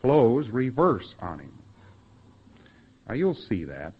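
A man lectures to a room of trainees in a folksy, conversational way, now and then acting out a quoted line or a sound effect. His voice sits in a middling register. The recording is dull and muffled, with the highs rolled off. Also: huge pitch swings, takes it slowly, husky.

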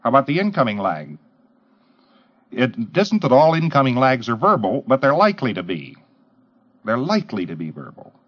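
A man lectures with a lively, swooping pitch, firing off rhetorical questions and mimicking others in bursts. The sound is dull and lo-fi, like an old tape recording. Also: moderate pace, long pauses. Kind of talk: lecture to trainee auditors.

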